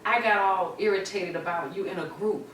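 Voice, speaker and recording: A middle-aged woman, a mother, telling a family story in casual chat, animated and acting out what people said. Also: mid-range voice, moderate pace, slight background noise. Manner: animated storyteller, laughs and acts out quotes. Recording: roomy, slightly distant mic with faint ambience.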